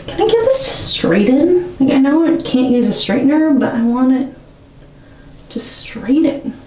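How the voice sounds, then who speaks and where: A young woman talks to her camera in a nervous, self-mocking ramble, her voice sitting a little high. She's a step back from the mic in an echoey room at home. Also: a little mellow, slight background noise. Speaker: vlogger. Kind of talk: casual talking to camera while cutting a wig. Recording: roomy and a bit distant from the mic.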